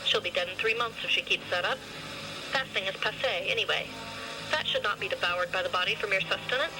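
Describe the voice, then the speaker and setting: A woman's voice: mid-range voice, a little fast, music in the background, natural voice, poor audio. A haughty, snide male fashion designer speaking with lofty contempt. A woman reads him. His lines come from a storybook reading.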